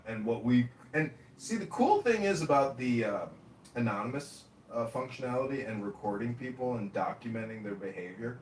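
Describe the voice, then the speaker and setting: A man telling casual, rambling stories with lots of swearing, acting out the people he quotes. He sounds far from the microphone in an echoey room. A faint hiss sits under his voice. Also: mid-range voice. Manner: animated, acts out quoted voices, profane. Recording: echoey room, distant from mic, faint noise.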